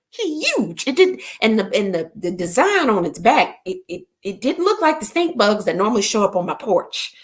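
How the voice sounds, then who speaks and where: A middle-aged woman hosting a casual live stream, playful and chatty, greeting her viewers by name. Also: fairly high pitch. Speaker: livestream host. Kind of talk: casual livestream chat.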